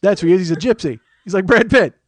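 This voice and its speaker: A man in his forties hosts a comedy podcast in loose, casual chat. His voice sits a little high, and he rambles, jokes crudely and makes fun of himself. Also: fast talker. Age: 40s. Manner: rambling, self-mocking, crude. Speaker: podcast host.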